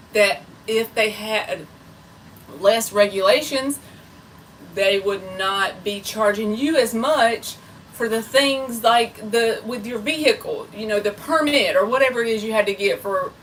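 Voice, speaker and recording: A woman's voice: mid-range voice, moderate pace, a bit bright, far from the mic, a little hiss or hum, low-quality recording. A woman tarot reader chatting casually and rambling on a live stream, talking straight to her viewers. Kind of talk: casual livestream chat.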